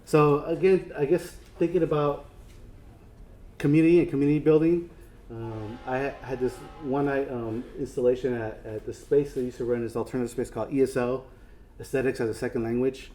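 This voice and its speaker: A man's voice: mid-range voice, level tone, fairly quick, mellow, slight background noise. A man giving a casual artist talk, rambling and self-deprecating, with many fillers and restarts. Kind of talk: casual lecture.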